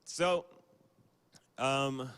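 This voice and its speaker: A man's voice: medium pitch, very slow, fairly bright tone, smooth. A young man giving a casual, conversational youth sermon on a livestream, with fillers and small apologies. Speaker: youth speaker. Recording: long hall reverb.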